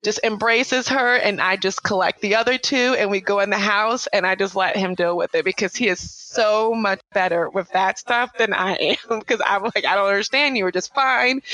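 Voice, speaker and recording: This is a woman in her thirties with a bright, forward tone, telling stories about her children in casual conversation. She animates the quotes with little voices and laughter. The sound is dry and close. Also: medium pitch, no room sound, low-quality recording. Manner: chatty storyteller, acts out quoted voices with laughs. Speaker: podcast guest, mother of three. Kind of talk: casual interview chat.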